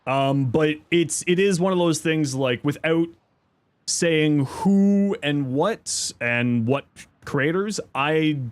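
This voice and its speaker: A man livestreaming in casual chat, reading viewer messages aloud and thanking subscribers, thinking out loud. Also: takes it slowly, no room sound. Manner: squeaky high-pitched outbursts of surprise. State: chewing an apple.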